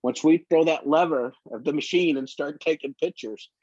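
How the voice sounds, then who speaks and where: Speaking at a fairly high pitch and a moderate pace, with a darkish tone, a photographer recounts long, meandering tales from his job during a casual interview. The audio is dry, dull and lo-fi.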